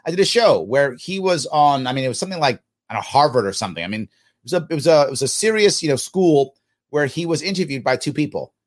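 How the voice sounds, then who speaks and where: Animated man with a lively voice. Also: medium pitch, quick pace. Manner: animated and emphatic, with sarcastic asides. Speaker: podcast host reading listener comments. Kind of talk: casual opinionated commentary.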